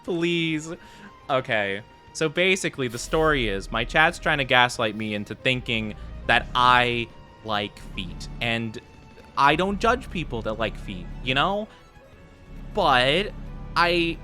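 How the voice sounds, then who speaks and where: A man's voice: fairly high pitch, unhurried, bright, forceful tone, soft background music. A man streaming as a VTuber, chatting playfully with his viewers and laughing easily. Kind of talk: casual live-stream chat with viewers.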